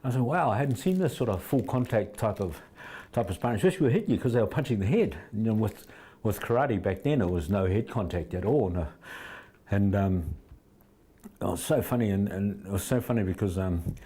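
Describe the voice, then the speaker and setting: Speaking a little fast with lively intonation, a middle-aged New Zealander offers rambling, frequently restarted anecdotes as an interview guest. He works as a fight trainer, and his lowish voice is mellow and slightly rough. It's casual interview storytelling.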